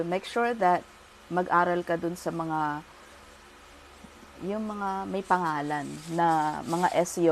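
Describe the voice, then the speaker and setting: A woman's voice: low-pitched, a little hiss or hum, low-quality recording. A woman with a Filipino accent chatting casually as a podcast guest, switching between Tagalog and English and laughing often. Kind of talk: casual interview chat.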